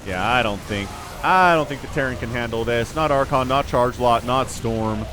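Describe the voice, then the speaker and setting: A man casting a strategy game match, jokey and excitable, reading viewers' chat aloud as he goes. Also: medium pitch, moderate pace, noisy background. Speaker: game caster. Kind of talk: lively esports commentary.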